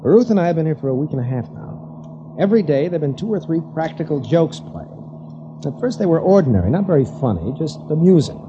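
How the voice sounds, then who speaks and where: An actor playing a worried, earnest cousin in a 1940s radio drama, speaking urgently. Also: male voice, a little high, big pitch swings, fairly quick. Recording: hissy, dull old radio recording.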